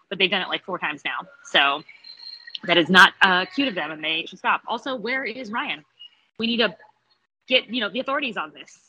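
A woman chatting casually about a TV episode, sarcastic and animated, laughing often and acting out quotes. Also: mid-range voice, a little fast, lo-fi sound. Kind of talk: casual TV episode review chat.

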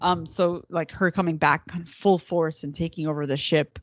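A woman's voice: sits low, steady tone, moderate pace, no echo. A woman chatting casually about a TV episode, enthusiastic, laughing often. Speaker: podcast co-host. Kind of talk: casual TV recap chat.

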